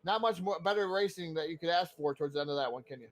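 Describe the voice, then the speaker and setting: A man hosting post-race interviews for an online racing broadcast, upbeat and a little out of breath. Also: on the high side. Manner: upbeat, hurried, slightly out of breath.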